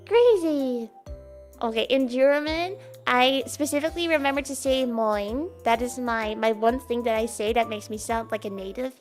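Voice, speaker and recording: A young Dutch woman with a Dutch accent, a native Dutch speaker, chatting playfully with her live stream viewers and giggling often. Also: a little high. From Netherlands. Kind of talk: casual chat with live viewers.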